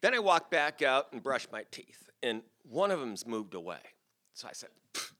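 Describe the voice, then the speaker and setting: A man's voice: mid-range voice, sing-song, moderate pace, sharp tone. A man in his sixties telling a personal story on a theater stage to a live audience, in a chatty, self-deprecating way.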